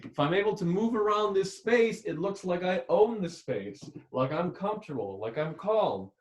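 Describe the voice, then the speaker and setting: A man lecturing as a public speaking instructor who keeps shifting his volume and tone to sound expressive. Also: high voice, normal speed. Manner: expressive, constantly varying volume and tone. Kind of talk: recorded lecture. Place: rented room used as a classroom. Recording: echoey room.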